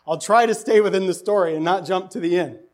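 High-voiced animated preaching man. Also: fast talker. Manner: animated, rising to near-shouts for emphasis; rhetorical questions to the congregation. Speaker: pastor. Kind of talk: sermon.

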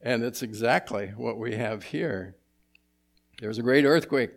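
A man preaching an expository sermon as pastor, asking his congregation rhetorical questions and moving between emphatic and hushed delivery. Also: medium pitch, unhurried, gravelly.

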